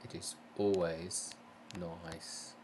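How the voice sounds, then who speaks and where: A man's voice: deep voice, level tone, drawn-out words, very noisy. A man hosting a live game stream, chatting casually with viewers and asking polite, careful questions while sounding tired. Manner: easygoing, careful and polite, asks many questions. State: tired, yawning. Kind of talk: casual live-stream chat, reading chat aloud.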